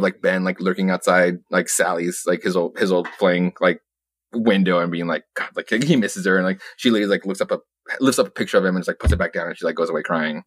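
A deep-voiced young man, co-hosting a podcast, rambles profanely through a comic book recap, laughing frequently and quoting characters in passing. The audio has no room sound.

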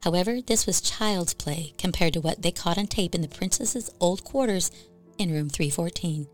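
A woman telling a ghost story as scripted narration for a podcast, in an even, measured way. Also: fairly low pitch, faint music behind.

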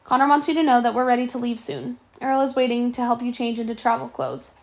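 Calm, probing manservant read by a woman, soft measured questions, gravelly edge, fairly high voice. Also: close to an everyday voice. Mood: questioning. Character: calm, probing grown male servant.

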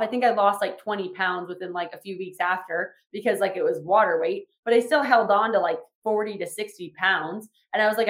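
A woman's voice: mid-range voice, fast, hardly any pauses. A young woman hosting her podcast as a fitness trainer, talking casually and frankly, with lots of fillers and some swearing. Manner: chatty, frank, swears often, many fillers. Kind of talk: casual solo podcast talk. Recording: echoey room.

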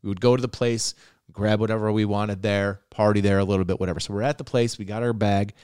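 A young adult man from Buffalo, New York, a comedian guest telling a wild story in casual chat, animated and swearing. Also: lowish voice, fast, clear, resonant tone, no room sound, clean studio sound. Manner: animated, swearing, gets loud and laughs as the story builds.

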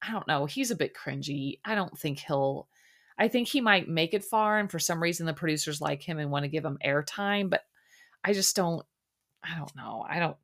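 A woman's voice: deep voice, expressive, moderate pace, a bit bright. A middle-aged woman hosting a podcast, chatting casually and rambling with lots of fillers, a bit sleepy. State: sleepy, yawning. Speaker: podcast host recapping a reality show. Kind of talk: casual solo chat.

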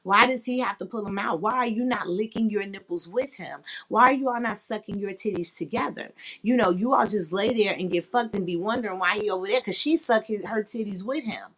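A woman's voice: mid-range voice, brisk, fairly bright tone. A woman hosting a podcast and chatting casually with listeners, talking in a blunt, explicit, candid and playful way. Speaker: podcast host. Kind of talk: frank casual live chat.

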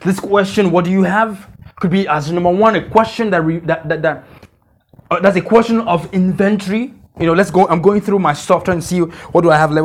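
Man, pastor, high voice, casual sermon, repeats himself, asks the church if they follow. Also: a little fast. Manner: repeats phrases, checks in with the congregation. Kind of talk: conversational sermon. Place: church conference.

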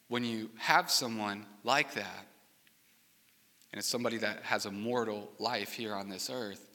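A man's voice: mid-range voice, sharp tone, in a large hall. A young adult man preaching a sermon as pastor, in a personal, conversational way with heartfelt asides, from a church stage.

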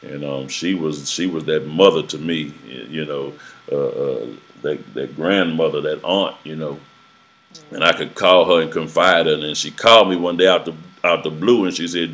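Deep-voiced preacher, halting and earnest. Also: male voice, steady tone, a bit bright. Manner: halting, repeats words often, earnest. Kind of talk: personal testimony in a casual interview.

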